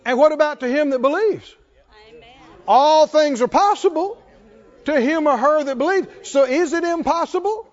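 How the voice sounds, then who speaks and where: A man's voice: very high-pitched, expressive, moderate pace. A man preaching a sermon, emphatic with call-and-response and chuckling asides, in a dull lo-fi recording.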